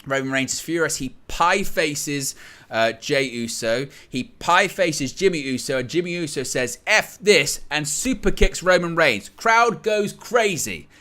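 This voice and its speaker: A man's voice: a little high, a little slow. A man hosting a solo wrestling news show, animatedly retelling a match and acting out what the wrestlers say. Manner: animated storytelling, acts out quoted lines. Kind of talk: solo wrestling recap commentary.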